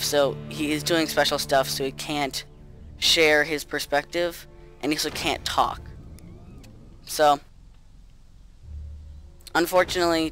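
Dry monotone man, higher voice. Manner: monotone, dry sarcastic delivery. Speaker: gaming YouTuber. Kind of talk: casual gameplay commentary.

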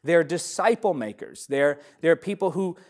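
A young adult man, a pastor, teaching a sermon with lively, emphatic stresses. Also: on the high side, normal speed. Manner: emphatic, lively preaching with sudden loud stresses.

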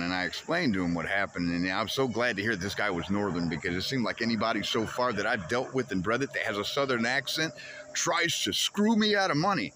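Man telling a lively, animated rant. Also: medium pitch, a little hiss or hum. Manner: animated, swears freely, acts out quoted exchanges. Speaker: homesteading vlogger. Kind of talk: casual storytelling rant.

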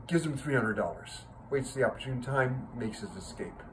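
A man's voice: medium pitch, expressive, moderate pace, slight background noise, poor audio. A man in his sixties at home, casually telling a joke to his viewers with a self-amused chuckle. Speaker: joke teller.

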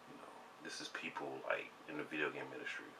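A man's voice: a bass voice, fast, gravelly. A man with a boastful, profane manner, ranting in a casual gaming vlog. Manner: boastful, profane, repeats himself. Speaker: gaming vlogger. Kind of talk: casual rant to camera. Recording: distant mic with steady background noise.

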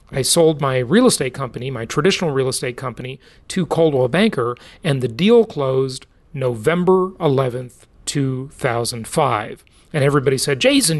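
A middle-aged man hosts a podcast in a casual monologue, his fairly high voice swinging widely up and down with a gravelly edge. His delivery is emphatic and salesy.

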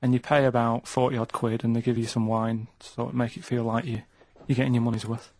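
A man, a radio show regular, rambling deadpan through stories with tag questions. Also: mid-range voice, fast talker, no echo. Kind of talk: casual radio chat. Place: radio studio.

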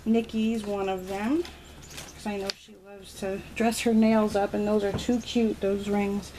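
A woman's voice: medium pitch, level tone, a little slow. A woman vlogger chatting casually as she shows off a nail-art haul, gushing and thinking aloud. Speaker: beauty vlogger. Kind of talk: casual unboxing chat. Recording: noisy home recording.

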